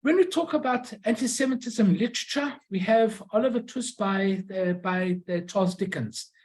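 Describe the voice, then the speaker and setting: With a mid-range, darkish voice on a low-quality recording, a middle-aged woman lectures informally on postcards with illustrations. She pauses often to hunt for words and weaves in anecdotes.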